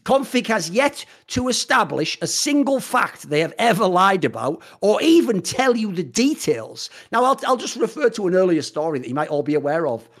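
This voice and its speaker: A man's voice: high voice, very animated, normal speed, hardly any pauses. A British man on a podcast, ranting in a heated, profane, mocking way, often slipping into impressions of other people. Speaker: podcast co-host. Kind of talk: heated casual podcast rant.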